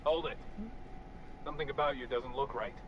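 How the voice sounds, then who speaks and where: A man's voice: mid-range voice, steady tone, normal speed, muffled recording, background noise, natural voice. An actor playing a suspicious, officious male station guard in a video game, questioning a newcomer. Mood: stern.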